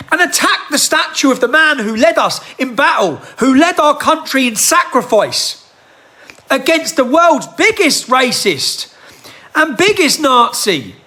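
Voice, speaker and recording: Holding a phone up to record himself, a man speaking as a political commentator lets loose a heated, impassioned monologue to camera full of rhetorical questions. His voice is very high-pitched with a sharp tone.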